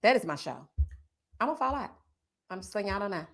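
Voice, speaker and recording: A woman hosting a casual reality TV recap livestream. She talks straight to her viewers, reads their chat aloud, and bursts into loud laughs. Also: mid-range voice, big pitch swings, fairly quick.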